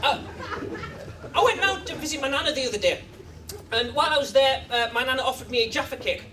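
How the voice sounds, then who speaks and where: A man doing a stand-up comedy set in a club, with a deadpan, awkward delivery full of hesitant restarts. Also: extremely high pitch, quick pace, recorded from a distance, a little hiss or hum. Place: comedy club stage with live audience. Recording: live club recording, loud crowd laughter.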